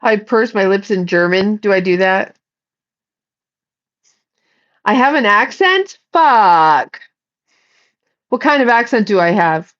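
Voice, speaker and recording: A woman's voice: medium pitch, animated, measured pace, pauses often, fairly bright tone, muffled recording. A middle-aged woman chatting casually on a livestream, joking playfully and talking back to her viewers. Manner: playful, jokey, talks to chat. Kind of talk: casual rambling livestream chat.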